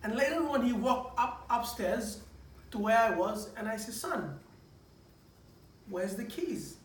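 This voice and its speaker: A man's voice: extremely high pitch, measured pace. Guy preaching his testimony, keeps restarting and repeating words, mic far off, echoey, bit of hiss. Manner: lively retelling, stammering restarts and repeated words. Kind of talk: personal testimony storytelling. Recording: echoey room, distant mic, faint noise.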